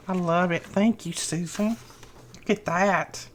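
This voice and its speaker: Middle-aged woman, craft vlog host, unhurried delivery, effusive, gushing over every item. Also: lowish voice, slight background noise. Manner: slow, lingering delivery. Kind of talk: unboxing happy mail.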